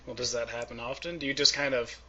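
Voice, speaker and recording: A man's voice: mid-range voice, fairly even intonation, quick pace, bright, forceful tone, highs cut off, a little hiss or hum. A man hosting an interview, asking questions in a chatty, friendly way with hesitant fillers. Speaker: interviewer host.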